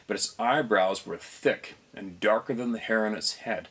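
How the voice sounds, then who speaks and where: A man hosting a show, reading a first-person story aloud, unhurried, stopping now and then to reread or fix a slip. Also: on the low side, fairly bright tone, husky.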